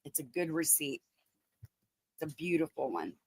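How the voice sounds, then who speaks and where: A woman's voice: low-pitched, very animated, normal speed, noisy background. A woman hosting a livestream, giving blunt, profane commentary on clips. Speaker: streamer host.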